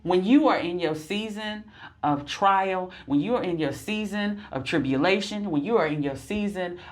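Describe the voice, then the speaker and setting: A woman with a lowish voice co-hosting a faith podcast. She talks in a preaching rhythm, repeating phrases for emphasis and building her points one line at a time. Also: normal speed. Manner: repetitive, emphatic, preacher-like cadence. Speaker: podcast co-host. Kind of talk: preaching-style faith chat.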